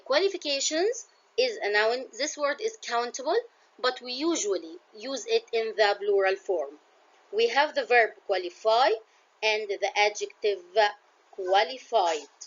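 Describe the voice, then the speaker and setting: Woman, Egyptian accent, English teacher, patient step-by-step explanations, slightly dull lo-fi audio. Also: fairly high pitch. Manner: explains English words, then glosses them in Egyptian Arabic. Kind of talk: classroom vocabulary lesson.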